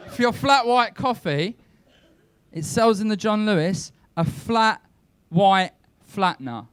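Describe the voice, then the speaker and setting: Deadpan comic with a smooth voice. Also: male voice, sits high, takes it slowly, no echo. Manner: deadpan storytelling with shouted rants. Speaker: stand-up comedian. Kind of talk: stand-up comedy set. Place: comedy club stage. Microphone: handheld stage mic.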